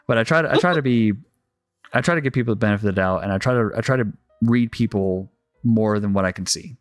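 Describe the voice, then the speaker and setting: A man's voice: lowish voice, fast, dry recording, studio quality, soft background music. A man hosting a casual podcast chat, blunt and profane, often restarting and repeating his words. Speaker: host.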